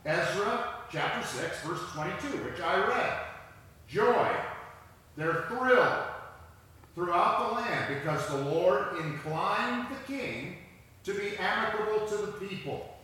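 A man preaching a sermon and reading scripture aloud, slow and emphatic, repeating key phrases. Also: sits high, animated, pushed and bright. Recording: echoey hall with long reverb.

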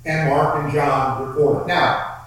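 A man preaching a sermon and reading scripture aloud, slow and emphatic, repeating phrases for effect. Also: on the high side, flat delivery, fairly bright tone. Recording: very echoey room, heard from far off.

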